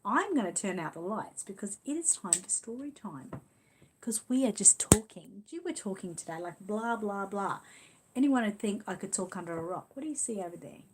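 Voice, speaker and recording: Against a noisy background, a middle-aged Australian livestream host reads out viewer comments, cooing fondly over them. Her mid-range voice moves at a normal pace with lively intonation as she chats and rambles casually.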